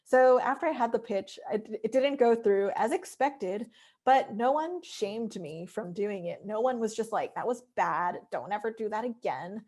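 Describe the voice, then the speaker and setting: A young woman, an interview guest, talking reflectively and at length with many fillers, losing her voice and clearing her throat. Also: mid-range voice, darkish tone. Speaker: interview guest, animation director. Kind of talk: casual interview.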